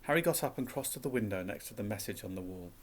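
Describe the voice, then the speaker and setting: A man narrating a storybook reading in a calm, even way. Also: lowish voice, fast talker.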